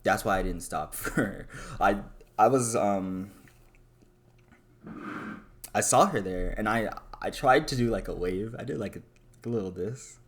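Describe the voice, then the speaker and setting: A young man with a very low voice talks through his day in a loose, confessional vlog. He rambles and runs himself down. He swears in passing. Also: a little slow, pauses often. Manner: rambling, self-deprecating, swears casually. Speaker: vlogger. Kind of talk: casual confessional monologue.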